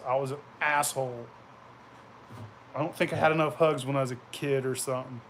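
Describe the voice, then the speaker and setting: A man's voice: on the high side, slight background noise. Profane, laughing man telling rambling stories. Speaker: vlogger. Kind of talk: casual storytelling.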